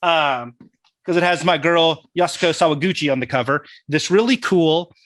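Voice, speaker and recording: Bright, dry-voiced Texan podcast host. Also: male voice, a little high, normal speed, no room sound. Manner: chatty, enthusiastic collector, laughs often. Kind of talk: casual podcast chat.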